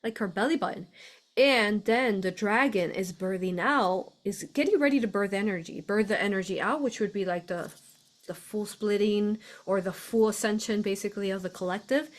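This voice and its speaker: A woman's voice: mid-range voice, moderate pace. A woman from the United States hosting a spiritual live stream, talking casually and effusively with frequent laughs and fillers. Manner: chatty, effusive, laughs often, many fillers. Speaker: host of a spiritual live show.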